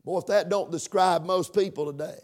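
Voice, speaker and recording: A man preaching a sermon and praying, halting with fillers, stretching key words and rising in pitch for emphasis. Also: a little mellow. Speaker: pastor.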